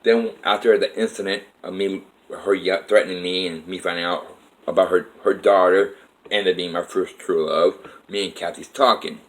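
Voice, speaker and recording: A man with a lowish voice talks straight to camera about his life. He rambles and circles back, earnest and plainspoken, with swearing dropped in casually. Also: steady tone, moderate pace, low-quality recording. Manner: earnest, meandering, frequent profanity. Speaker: vlogger telling his life story. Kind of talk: rambling personal monologue.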